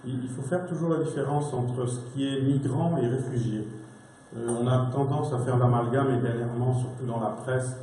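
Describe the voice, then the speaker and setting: Male lawyer, mellow tone, halting delivery, echoey conference hall. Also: mid-range voice, steady tone, a little hiss or hum. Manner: hesitant, many fillers. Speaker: lawyer and invited speaker. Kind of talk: press conference remarks.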